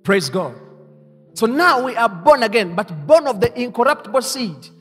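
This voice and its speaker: A male pastor with a high, very lively voice preaches in call-and-response style and swings from near-whispers to loud exclamations. His voice rings out through a reverberant church hall over faint instrumental music. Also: normal speed, breathy edge. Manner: call-and-response preaching, leading the congregation to repeat lines; swings between hushed asides and loud exclamations. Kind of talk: sermon.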